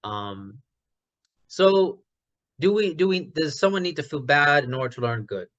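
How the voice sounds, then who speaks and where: A man talking through an idea in a casual online discussion, his voice bright and forceful and pitched a little high. He restarts often as he thinks aloud and grows loud when an idea excites him. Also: measured pace, muffled recording. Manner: gets loud when passionate about ideas. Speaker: discussion participant.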